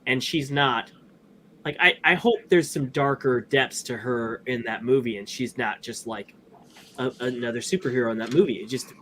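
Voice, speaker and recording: A man co-hosting a podcast, talking about movies in a loose, rambling way and often restarting his sentences. His voice is bright and forward. A faint hiss sits behind him. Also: medium pitch, normal speed. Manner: animated, rambling, lots of restarts and fillers. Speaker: podcast co-host. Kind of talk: casual movie review chat.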